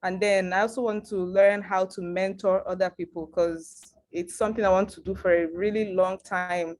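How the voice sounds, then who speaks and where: A woman's voice: medium pitch, level tone, moderate pace, darkish tone. Earnest woman introducing herself. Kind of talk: self-introduction in an online meeting.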